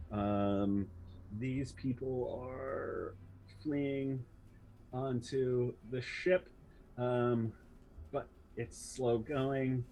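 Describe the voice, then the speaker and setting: Slow, halting man running a tabletop game. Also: mid-range voice, slight background noise. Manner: slow, hesitant narration with many ums. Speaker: game master.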